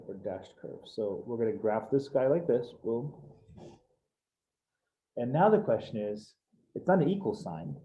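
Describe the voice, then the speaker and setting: A man's voice: lowish voice, warm tone, muffled recording. A man teaching a math class, explaining steps in an upbeat, casual way with bits of slang. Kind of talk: live algebra class over video call. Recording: echoey room with faint noise.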